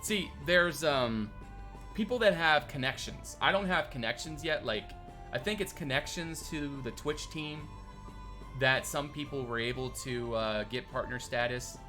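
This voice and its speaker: Bright-voiced man chatting while he builds. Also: mid-range voice, unhurried, faint music behind. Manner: rambling, thinks aloud, reads and answers chat. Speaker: streamer. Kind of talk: casual live-stream commentary while building.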